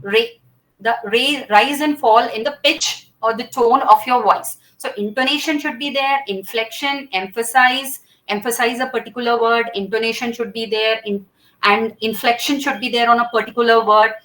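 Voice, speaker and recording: A woman's voice: on the high side, steady tone, normal speed, a bit bright, rough recording. A woman teaching students about public speaking gestures, explaining step by step and often checking with "okay?" while she acts out each gesture. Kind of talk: classroom teaching.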